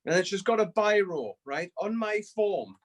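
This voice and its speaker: This is a middle-aged man with a rather high voice for a man. He tells stories in a lively, chatty way and swears freely as an interview guest. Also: normal speed. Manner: animated, profane, swears freely. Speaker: band member guest. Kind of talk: casual storytelling.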